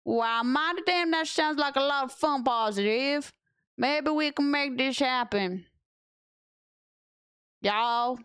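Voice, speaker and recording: A woman's voice: on the high side, level tone, extremely slow, few pauses, a bit bright, clean tone, no echo, clean studio sound. A woman putting on a Southern American accent for a folksy, upbeat character. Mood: delighted. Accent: Southern American, put on.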